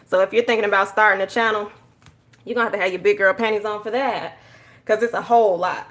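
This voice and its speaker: A woman telling stories in a casual, animated way while she decorates her journal. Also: mid-range voice, fast. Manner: animated storytelling, addresses viewers as y'all. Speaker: journaling YouTuber.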